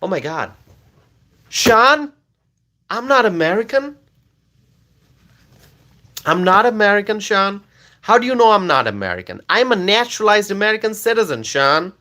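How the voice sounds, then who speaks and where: A man's voice: high-pitched, big pitch swings, normal speed, long pauses, pushed and bright. A man originally from Bangladesh hosting a live stream, reading viewer comments aloud and answering them with repeated questions and laughter. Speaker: livestream host reading chat.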